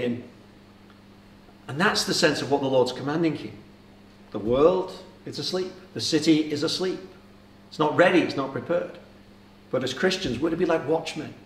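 A man preaching a sermon with earnest urgency, posing rhetorical questions to his listeners. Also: on the high side. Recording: echoey room.

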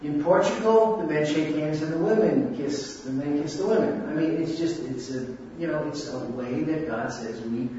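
A man delivers a sermon in a plain, talkative way, often turning to the listeners. His voice sits a little high. It comes from a distance in a heavily echoing hall, with a dull lo-fi sound. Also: moderate pace, hardly any pauses, dark tone, a little hiss or hum. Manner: conversational, asks the audience "right?". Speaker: preacher. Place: church or hall.

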